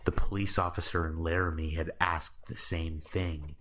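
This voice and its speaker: A man narrating horror stories in a slow, measured, calm scripted style. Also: deep voice, slight background noise.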